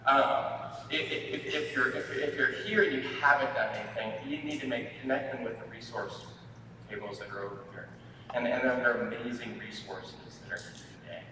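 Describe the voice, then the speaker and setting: A man, a family therapist, giving a sermon-style talk to a church audience, with halting speech and repeated words. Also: medium pitch, fairly even intonation, background noise. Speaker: marriage and family therapist speaking at a church event. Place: church hall. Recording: echoey hall from far off.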